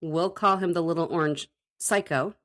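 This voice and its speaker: A woman with a slightly low voice tells a story in a casual podcast chat. She is animated and swears freely. She speaks from her home recording room. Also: normal speed. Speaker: podcast co-host.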